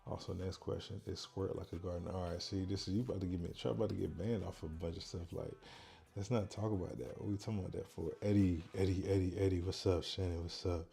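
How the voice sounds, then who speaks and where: A man hosting a casual livestream, talking softly and quietly into a microphone worn on his neck. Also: sits low, fairly even intonation, fast talker, vocal fry. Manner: soft, quiet, chill talk, reading chat aloud. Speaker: livestream host.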